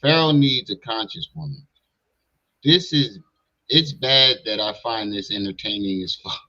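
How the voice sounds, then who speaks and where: A man's voice: on the low side, a little slow, pushed and bright, highs cut off. A man hosting a casual reaction stream, bluntly questioning the clip he plays. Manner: blunt, skeptical, talks back at the clip. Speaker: livestream commentator.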